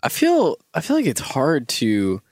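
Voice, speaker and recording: A man's voice: a little high, wildly swooping pitch, unhurried, a little mellow, dry recording, studio quality. A man co-hosting a podcast, chatting and rambling in casual talk inside a van. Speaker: podcast co-host. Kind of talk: casual chat.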